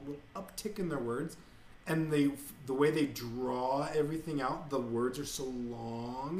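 A man hosting a podcast at home, ranting in a casual, profane and exasperated way. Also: a little high. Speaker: podcast host. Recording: echoey room.

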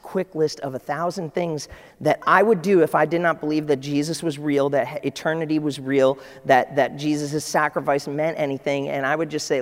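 Male pastor with a high voice, preaching with big swings in volume, echoing in a large church room. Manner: dynamic preaching, swinging from loud to hushed. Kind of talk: sermon. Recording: long reverb of a large hall.

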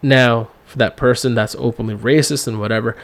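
A man's voice: mid-range voice, steady tone, a little fast. A man hosting a solo podcast, talking casually in a rambling way with many fillers and some swearing. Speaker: podcast host.

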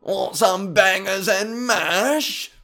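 A man voicing a cocky, gloating male villain in a put-on Cockney accent, loud and brash. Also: high-pitched, extremely slow, voice pushed up, heavily acted.

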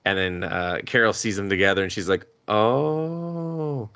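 Low-voiced swearing man recapping anime. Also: flat delivery, fast, sharp tone, smooth, no room sound. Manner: swears a lot, laughs while retelling scenes. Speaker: podcast host.

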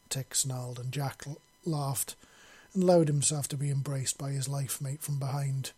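A man reading a fantasy audiobook in plain, steady narration. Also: mid-range voice, moderate pace, hardly any pauses, slightly rough. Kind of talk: scripted narration.

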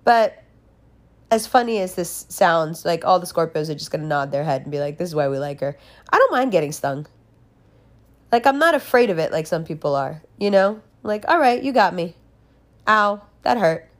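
A woman's voice: low voice, animated, moderate pace. A young woman talking candidly in a casual monologue, swearing freely and laughing as she tells a personal story.

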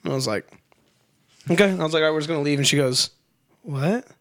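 A young man in casual chat, telling a story in a lively way, acting out the dialogue and swearing freely. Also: a little high, quick pace.

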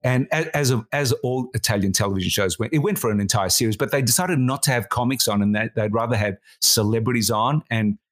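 A man from Australia, a comedy writer and producer, telling animated stories as a guest in a casual interview, with many restarts. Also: mid-range voice, fast, hardly any pauses.

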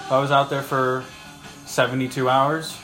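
A man's voice: medium pitch, flat delivery, moderate pace, sharp tone. A young man in a loose, jokey chat at home, cursing easily and riffing on silly ideas. Music plays behind him. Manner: laid-back, swears freely, jokey. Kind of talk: casual chat. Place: a house.

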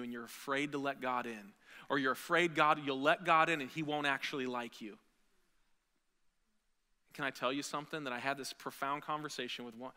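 A man preaching a sermon as a pastor, earnest and building to loud, emphatic peaks. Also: mid-range voice. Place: church sanctuary. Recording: long hall reverb.

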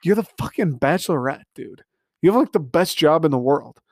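A man's voice: fairly high pitch, lively intonation, a little fast, no echo. Ranting young man, dry recording. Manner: sarcastic, ranting, frequent swearing and filler "like". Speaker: podcast host. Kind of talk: casual solo reality TV recap.

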